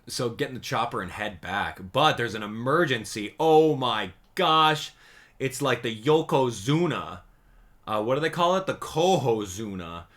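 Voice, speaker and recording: A gaming YouTuber with a lowish voice comments on a game trailer in slangy, excited bursts, shifting from hype to sarcasm and back.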